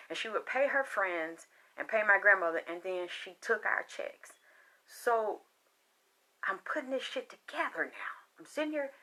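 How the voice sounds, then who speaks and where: A woman speaks in a bright, forceful voice as she delivers a passionate monologue straight to her viewers. Her talk rambles and doubles back on itself, laced with swearing and rising heat. She speaks as a spiritual reader sharing her own story. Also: mid-range voice. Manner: impassioned, profane and rambling. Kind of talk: casual monologue.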